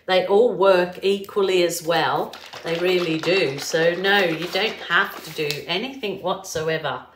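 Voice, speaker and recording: A middle-aged woman with an English Birmingham accent hosts a relaxed painting tutorial, chatty and rambling with plenty of fillers. Her voice sits a little low and she takes her time over every thought. The room around her rings with echo, and a faint hiss sits underneath. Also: a little slow. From England. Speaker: art tutorial host.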